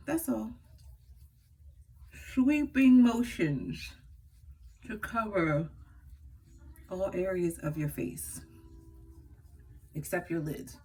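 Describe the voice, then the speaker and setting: A woman's voice: medium pitch, warm tone, breathy edge. A woman chatting casually as she walks through her own makeup routine, laughing now and then. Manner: chatty, laughs often, talks while applying makeup. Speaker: makeup artist vlogger. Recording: voice from a distance from the mic.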